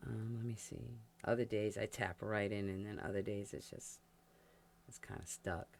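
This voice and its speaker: Gravelly-voiced woman giving a chatty tarot reading. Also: a bass voice, steady tone, moderate pace. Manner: chatty, laughs often, talks straight to the sign. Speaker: tarot reader.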